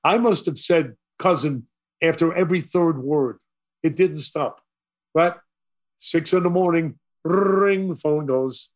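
Speaking at a measured pace in a rather high voice, an older radio DJ from Brooklyn, New York, tells stories in an interview, vividly imitating the people he quotes.

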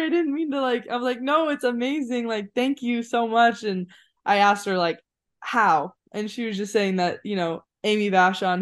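Young woman, athlete guest, relaxed chatty interview voice, low register, many fillers. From Maine, USA. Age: 20s. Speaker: college basketball player, guest. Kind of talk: casual interview chat.

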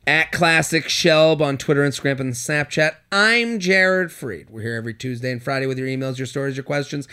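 A man's voice: medium pitch, pushed and bright, clean tone. A young man hosting a podcast, giving joking, chatty relationship advice. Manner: joking, chatty, quick asides. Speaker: podcast host. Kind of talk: casual advice chat.

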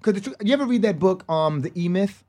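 Lively man telling stories, fairly high voice. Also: fast talker. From United States. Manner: animated storyteller who acts out voices. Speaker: podcast guest. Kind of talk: casual chat.

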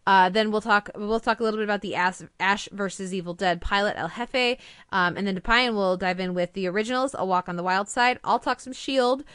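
A young woman co-hosts a casual TV review podcast with an enthusiastic, rambling delivery full of fillers and restarts. Her voice is smooth and clear. The recording is dry and close. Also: medium pitch, a little fast, a bit bright, no room sound.

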